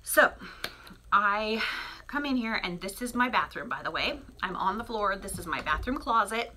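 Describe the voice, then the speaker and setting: Chatty woman breeder with a bright voice. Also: medium pitch, lively intonation, normal speed, a little hiss or hum. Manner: chatty, rambling, many fillers; drops to a soft whisper near the kittens. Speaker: cat breeder. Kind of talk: casual vlog talk. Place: small home bathroom.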